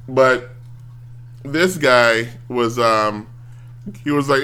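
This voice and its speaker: Man, bright voice, rambling, sarcastic, exasperated casual rant. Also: medium pitch, normal speed, clear, resonant tone. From United States. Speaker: office worker telling a story. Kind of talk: casual ranting monologue.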